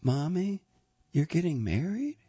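A man's voice: on the high side, sing-song, a little slow, warm tone, slightly rough, no room sound, highs cut off, pitched above the performer's own voice, heavily acted. A man reading an audiobook, voicing a grown son who sounds incredulous and accusing toward his mother.

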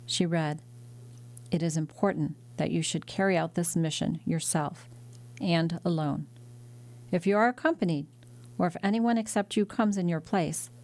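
Woman, audiobook narrator, lowish voice, measured steady reading. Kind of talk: scripted narration.

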